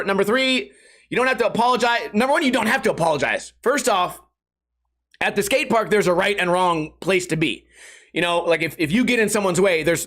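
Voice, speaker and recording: A man with a fairly high voice hosts his own podcast and tells a long story as a casual rant. He swears freely and acts out the people he quotes with comic voices. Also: fairly bright tone. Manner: profane, comedic. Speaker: podcast host.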